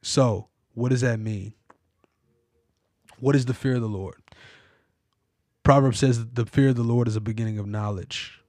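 A man's voice: medium pitch, steady tone, moderate pace, long pauses, a little mellow, no room sound, studio quality. A man hosting a biblical podcast, giving emphatic, repetitive advice straight to his listeners like a sermon. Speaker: podcast host. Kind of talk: preachy advice monologue.

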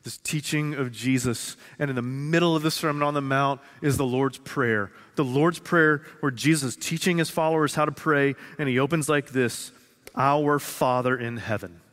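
A man in his thirties preaching a sermon to his congregation, earnest, repeating phrases slowly for emphasis and dropping from loud to hushed. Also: a little high. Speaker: pastor. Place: large church sanctuary. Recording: long reverb of a large hall.

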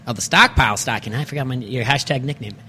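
An excitable man hosting a casual sports podcast, with a mid-pitched voice. He delivers hype-style intros and often stumbles and restarts his sentences. Faint noise sits under the recording. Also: quick pace. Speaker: podcast host.

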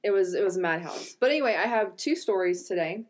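Female podcast co-host, mid-pitched, profane, joking storyteller. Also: expressive, fast talker. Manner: profane, joking, frequent throat clearing. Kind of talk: casual chat, telling a true crime story.

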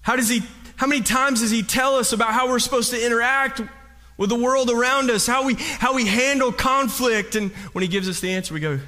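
A man's voice: very high voice, fairly quick. A middle-aged man preaching a sermon, telling a story and acting out what people said. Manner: animated storytelling, acts out quotes with voice shifts. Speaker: pastor.

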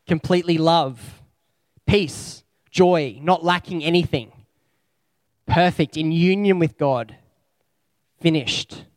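A preacher gives a sermon in an easy, conversational tone, his voice pitched a bit high. He works through his points reflectively and draws out slow lists of words. The sound is close and dry, with no room sound.

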